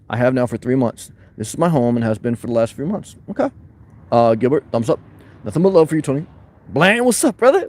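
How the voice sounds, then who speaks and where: A man at a middling pitch hosts a casual livestream, greeting viewers by name as he reads their comments. He talks loud and boisterous, then drops into a calmer tone, ranting freely. He is recording from inside his van. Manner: loud, boisterous, shifting between fired-up and calm. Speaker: livestream host reading chat.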